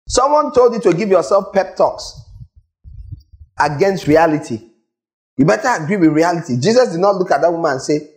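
Male preacher, high voice, emphatic, scolding, questions the crowd. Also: low-quality recording. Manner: emphatic, repetitive, asks the audience questions; scolding, direct. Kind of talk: sermon.

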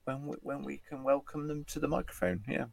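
A middle-aged man co-hosting a casual podcast, jovial and quick to laugh, often restarting his phrases. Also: fairly high pitch, level tone, vocal fry, no room sound. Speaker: podcast co-host.

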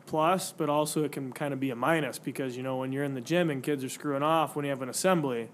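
A man's voice: mid-range voice, steady tone, quick pace, a little hiss or hum. A man hosting a casual podcast, chatting easily with a friend and using lots of fillers. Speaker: podcast host.

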